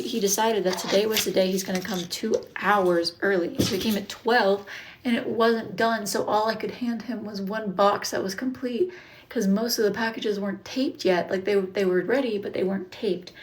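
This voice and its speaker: A woman's voice: mid-range voice, fairly even intonation, normal speed, slight background noise. A young woman streaming live, chatting casually and venting, swearing freely and answering viewer comments.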